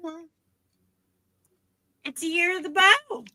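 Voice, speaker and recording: A woman's voice: extremely high pitch, takes it slowly, pushed and bright, no echo, rough recording. A woman co-hosting a casual chat show, telling rambling stories with lots of fillers. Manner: rambling storyteller with many fillers. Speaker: co-host.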